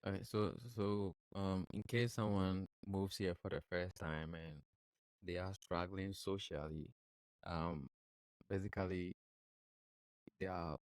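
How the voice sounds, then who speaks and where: A man from Ghana hosting a podcast, asking questions in a casual, hesitant way with many pauses and restarts. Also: deep voice, steady tone, clear, resonant tone, no room sound. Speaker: podcast host. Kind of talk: casual interview chat.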